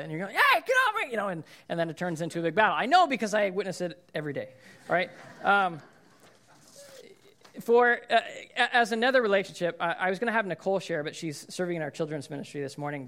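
A male pastor delivering a conversational sermon, his voice sitting a little higher than most men's. He talks casually and keeps checking in with the congregation. He slips into lively voices when he acts out what people said.

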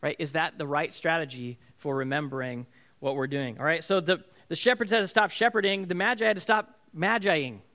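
A man's voice: fairly high pitch, fairly quick, pushed and bright. A man in his thirties, a pastor, preaching in a conversational storytelling way and often asking his listeners "right?". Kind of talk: sermon.

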